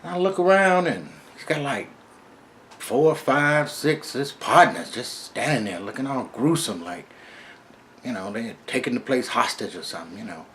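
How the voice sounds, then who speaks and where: A middle-aged man spinning a story from his own life in a relaxed, conversational way. His speech is streetwise and salted with profanity. His voice sits at an ordinary middle pitch. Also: normal speed, a little hiss or hum. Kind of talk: casual first-person storytelling.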